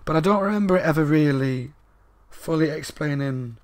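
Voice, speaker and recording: A man giving a casual spoken book review, talking fast and loud and rambling along with asides. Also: a little high, dry recording.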